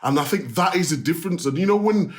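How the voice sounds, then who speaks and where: Man in his thirties, podcast co-host, lively and laughing, fairly high voice. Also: quick pace, echoey room. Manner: lively, laughing, animated storyteller. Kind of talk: casual football podcast chat.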